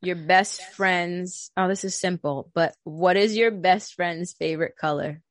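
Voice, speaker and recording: A woman reading out game questions in a slow, hesitant way. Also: lowish voice, no echo. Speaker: question reader.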